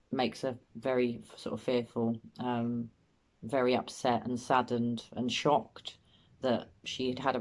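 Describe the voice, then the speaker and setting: A woman hosting a show, giving doubtful, musing commentary on an interview and often circling back to her points. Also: a bass voice. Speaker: host, body language commentator. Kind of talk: analytical commentary.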